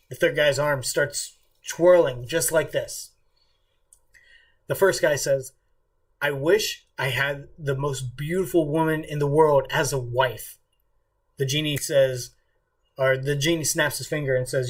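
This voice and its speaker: A chatty man hosting a live stream, with a slightly higher voice than most men. He mixes play-by-play calls with rambling jokes, casual and loose. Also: measured pace, long pauses.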